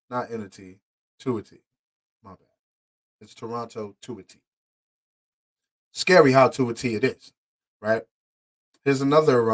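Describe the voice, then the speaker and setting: A podcast host with a fairly low-pitched voice reads court documents aloud and reacts with anger, swearing and sounding indignant. He trips over words and lurches between muttered asides and loud outbursts.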